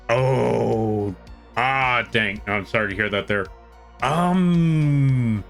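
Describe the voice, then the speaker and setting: This man, an art streamer from the western U.S., rambles amiably on a live stream and says hello to viewers by name. His voice is middle-pitched with a laid-back American accent touched by Southern twang, and soft music plays behind him.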